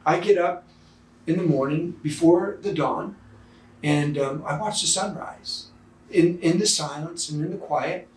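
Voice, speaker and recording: A preacher retelling the words of a wise, humble old village woman in a gentle, reverent way, in a roomy church. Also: a little high, a little slow, natural voice.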